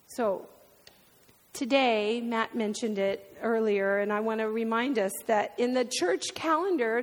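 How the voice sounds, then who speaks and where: Woman pastor, slow heartfelt sermon delivery, slightly high voice, long church reverb. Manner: heartfelt, speaks through tears at times. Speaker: preacher. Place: church sanctuary.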